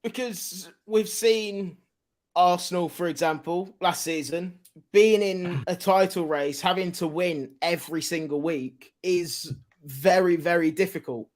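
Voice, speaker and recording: A man with a high voice talks casually on a football podcast panel. He hedges his opinions and often circles back to restart his sentences. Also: measured pace. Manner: hedging, with repeated restarts. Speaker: podcast panelist, club fan. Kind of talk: casual chat.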